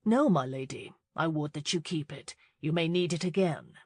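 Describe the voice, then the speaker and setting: A woman voicing a roguish male duke who speaks smoothly and teasingly. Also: deep voice, expressive, normal speed, darkish tone, no room sound. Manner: smooth, insolent.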